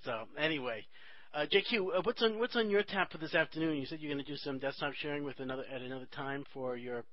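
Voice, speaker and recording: A man's voice: a little high, dry recording, muffled recording. A man, hosting a casual chat and cracking jokes. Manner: joking, chatty, quick asides.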